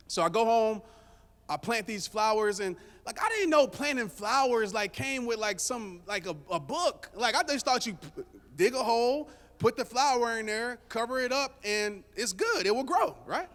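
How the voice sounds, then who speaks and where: The recording carries a long hall reverb as a motivational speaker addresses a live audience from the stage, casually telling a story and joking with listeners. His pitch is extremely high, with lively intonation, a fairly bright tone, and normal speed.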